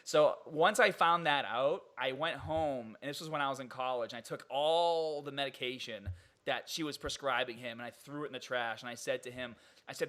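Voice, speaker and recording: A young man hosting a podcast, talking in an animated, incredulous way and laughing often. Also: medium pitch, moderate pace. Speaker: podcast host. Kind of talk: casual podcast chat.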